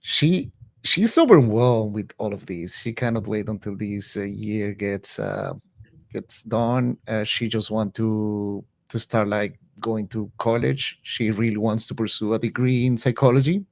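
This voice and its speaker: A man describing his character at a tabletop game, thinking aloud with pauses. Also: lowish voice, creaky, no room sound. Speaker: player. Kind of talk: tabletop play.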